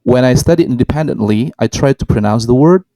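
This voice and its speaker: Hesitant man, dark dry voice. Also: mid-range voice, a little fast, dry recording, rough recording. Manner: hesitant, many ums and restarts, models example phrases. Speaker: podcast co-host. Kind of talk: casual educational chat.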